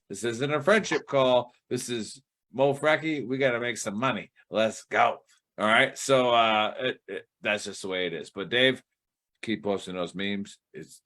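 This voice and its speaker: A man's voice: mid-range voice, a bit bright. A man hosting a casual sports betting podcast, talking in a rambling way and swearing casually. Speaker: show host.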